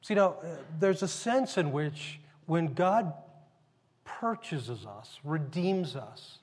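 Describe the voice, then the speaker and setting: A man's voice: a little high, big-room sound. A man preaching a sermon in a conversational storytelling manner, often restarting his sentences. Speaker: pastor.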